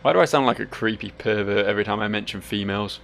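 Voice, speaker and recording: A low, gravelly man, short on sleep, rambling through casual gameplay commentary. He swears freely and drifts into self-mocking asides, with faint game music underneath. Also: quick pace, fairly bright tone. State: sleep-deprived. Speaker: let's play host.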